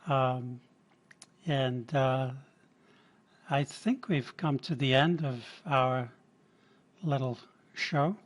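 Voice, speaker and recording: A man closing a small show at an unhurried pace, stopping often on fillers as he thanks the audience. His voice sits at an ordinary pitch. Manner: unhurried, halting, with many fillers. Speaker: event host. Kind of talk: closing remarks.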